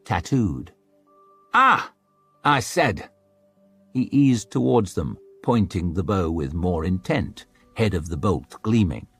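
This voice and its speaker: A man narrating an audiobook in a dramatic, expressive storytelling manner. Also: low-pitched, measured pace, hardly any pauses, breathy edge, soft background music.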